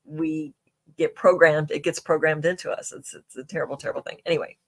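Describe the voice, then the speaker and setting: A woman's voice: low voice, sing-song, fairly quick, creaky. A middle-aged woman, a podcast guest, telling personal stories in a chatty way with many fillers, restarts and a tag "right?". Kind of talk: casual interview storytelling.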